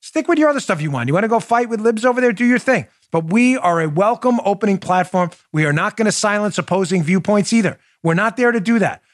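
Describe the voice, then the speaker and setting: A middle-aged man hosting a podcast, giving mocking, animated political commentary with loud outbursts. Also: high voice, fast talker, few pauses. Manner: mocking, loud outbursts, mock-theatrical recitation. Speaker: podcast host.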